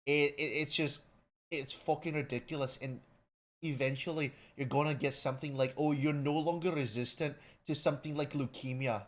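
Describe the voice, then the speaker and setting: Rambling, profane male streamer. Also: normal speed. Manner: rambling, profane, stumbling restarts; jumps to loud, high excited bursts with laughter. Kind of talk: casual livestream rant.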